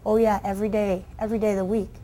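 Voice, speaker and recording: A middle-aged woman, a children's book author, telling lively stories in a talk and acting out the voices of kids and adults. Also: mid-range voice, very fast. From United States. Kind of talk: lively storytelling speech to an audience.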